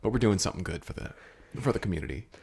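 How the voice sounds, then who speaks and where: A young man on a comedy podcast, with a fairly low voice, spinning an improvised story. He stammers and restarts often and slips into goofy voices for the people in his tale. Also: lively intonation, racing, gravelly, darkish tone, slightly rough. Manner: stammering restarts, playful put-on voices in quotes. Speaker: podcast co-host.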